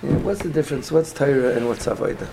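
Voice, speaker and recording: A man with a gravelly, slightly raised voice teaches a Torah class over a faint hiss of background noise. He keeps posing questions to his listeners and repeats his points, tagging them with "yeah?". Hebrew and Yiddish words run through his English. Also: a little high, fast talker.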